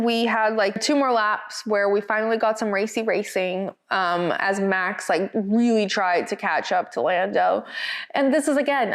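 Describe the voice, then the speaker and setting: A woman's voice: medium pitch, smooth. Chatty woman recapping a race. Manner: chatty, expressive storytelling. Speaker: podcast co-host. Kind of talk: casual podcast race recap.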